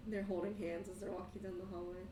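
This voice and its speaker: A woman's voice: medium pitch, level tone, fast, far from the mic, noisy background. A woman running a tabletop game as game master, narrating in a giggly, rambling way. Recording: echoey room, away from the mic.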